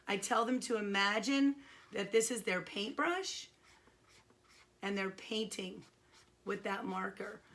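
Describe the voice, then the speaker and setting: Older female art teacher, crisp bright voice, pitched a bit high, casual and encouraging. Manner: chatty, enthusiastic, encouraging. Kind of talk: casual home video lesson. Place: room at home, alone.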